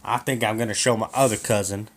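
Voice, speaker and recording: A man's voice: on the low side, steady tone, fast talker. A man voicing a crude, dim-witted redneck husband who rambles and mutters, then blurts things out. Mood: dreamy.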